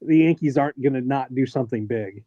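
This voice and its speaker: A man on a sports podcast giving measured analysis, thinking aloud with fillers. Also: medium pitch, no room sound. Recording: dry, slightly dull lo-fi sound.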